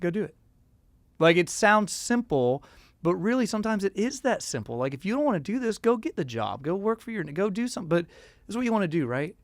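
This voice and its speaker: A man's voice: high-pitched, very animated, fairly quick, no room sound. A man in his thirties, a musician guest in a casual interview, who tells stories animatedly with many fillers and acted quotes.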